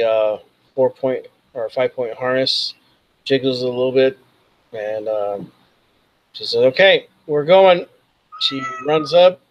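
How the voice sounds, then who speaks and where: A man's voice: mid-range voice, no room sound, rough recording. Rambling man running a tabletop game. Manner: loose, rambling narration with many fillers. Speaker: game master. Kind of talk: narrating a tabletop role-playing game.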